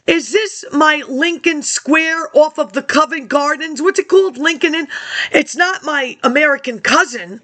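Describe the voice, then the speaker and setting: A woman's voice: high-pitched, a little slow, bright, forceful tone. A woman talking in a rambling monologue into a laptop webcam, jumping between topics and reading old documents aloud.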